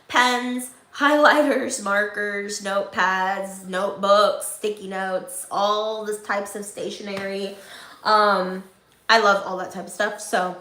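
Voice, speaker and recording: A woman's voice: medium pitch, pushed and bright, reverberant. A young woman vlogger talking to her viewers in an upbeat, encouraging, preachy way. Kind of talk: motivational vlog talk.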